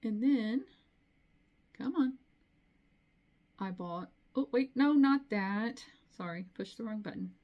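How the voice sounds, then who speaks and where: A woman's voice: fairly high pitch, expressive, slow pace, long pauses, lo-fi sound. Chatty middle-aged woman vlogging. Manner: chatty, rambling, with frequent asides. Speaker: cross-stitch vlogger. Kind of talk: casual chat.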